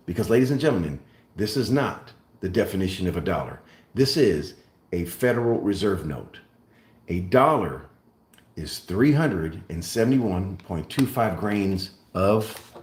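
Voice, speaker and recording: A man's voice: lowish voice, a little mellow. Emphatic man lecturing in an echoey room. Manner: emphatic, deliberate, repeats key points like a lecturer. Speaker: host. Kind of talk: live-stream monologue on precious metals.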